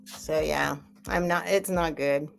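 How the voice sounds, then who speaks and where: Slow, chatty woman hosting a live sale. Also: low-pitched, steady tone, gravelly, faint music behind. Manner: rambling, gushing thanks to viewers. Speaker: live-stream sale host. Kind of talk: chatty live stream with viewer chat.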